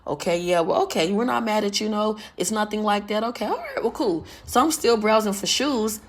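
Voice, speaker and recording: A woman vlogger telling a story in a loud, carrying voice, blunt and full of profanity. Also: medium pitch, expressive, brisk. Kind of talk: casual storytelling rant.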